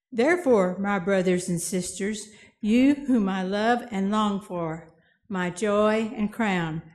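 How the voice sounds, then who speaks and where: A woman reading a Bible passage aloud in a church service, measured and deliberate. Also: mid-range voice, a little mellow. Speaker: scripture reader. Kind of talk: scripture reading.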